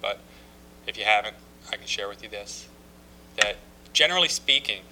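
A man telling his own recovery story to a group, halting with many restarts and dry, self-mocking humor. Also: lowish voice, expressive, sharp tone, slight background noise, poor audio. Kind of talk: personal testimony talk.

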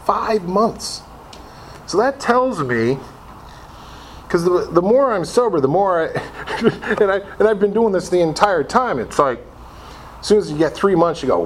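Man telling a lively, self-mocking story. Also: high voice, measured pace, a little hiss or hum. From Connecticut. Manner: casual, self-mocking storyteller acting out his own past reactions. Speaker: speaker sharing his recovery story. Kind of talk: personal recovery talk to a group.

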